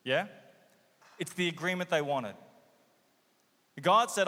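A man's voice: a little high, a little slow, long pauses, sharp tone. A man preaching a sermon, asking rhetorical questions and acting out the quoted voices of the people he describes. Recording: long hall reverb.

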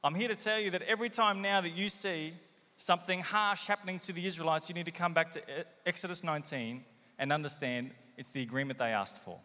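A man preaches with a bright, forceful voice that sits a little high for a man. He keeps firing rhetorical questions and slips into the voices of the people in his story. His words ring out with a long reverb, as in a large hall. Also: quick pace. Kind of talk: sermon.

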